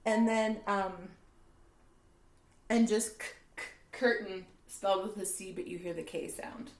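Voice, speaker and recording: Woman schoolteacher, patient and explanatory, mid-pitched voice, reverberant room. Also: fairly even intonation, a little mellow. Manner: patient, explains slowly with frequent "okay?" checks. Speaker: teacher. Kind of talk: spelling lesson for fourth graders.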